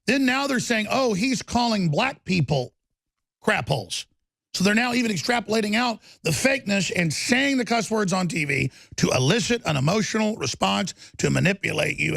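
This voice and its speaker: A man hosting a live talk show, delivering an angry, heated political rant with repetitive, shouting bursts into a studio mic. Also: high-pitched, vocal fry, no room sound.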